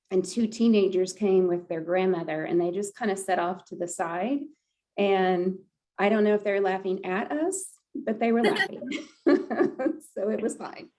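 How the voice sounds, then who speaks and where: Leading a group laughter yoga exercise, a woman with a mellow, mid-range voice keeps up upbeat chatter and frequently bursts out laughing.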